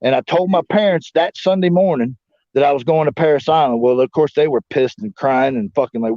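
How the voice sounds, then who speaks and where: Male guest, talks loose and profane, filler-heavy, slightly high voice, dry muffled mic. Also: a little fast, dark tone, no echo. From United States. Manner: profane, rambling, heavy filler 'you know what I'm saying'. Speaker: interview guest, former wrestler and Marine. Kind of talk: casual storytelling shoot interview. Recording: dull dry lo-fi audio.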